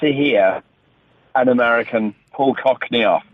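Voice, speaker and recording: A man's voice: mid-range voice, unhurried, no room sound. A middle-aged man from England, chatting as a guest in a phone-in radio interview. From northern England. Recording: tinny dry phone line.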